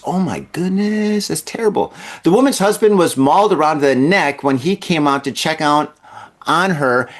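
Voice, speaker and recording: A man hosting a comedy news show, reading stories in a casual, rambling way with joking asides. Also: on the high side. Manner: jokey and rambling, laughs at his own asides.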